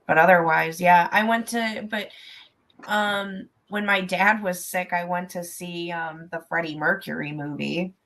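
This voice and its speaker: A woman's voice: lowish voice, fairly even intonation, a little slow, fairly bright tone. A woman in a casual group chat who talks hesitantly and trails off mid-thought.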